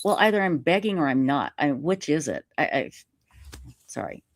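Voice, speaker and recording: A woman live streamer telling a story in casual interview chat, animated and self-mocking, laughing often. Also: sits low, normal speed, no room sound. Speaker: YouTube live streamer reading a letter.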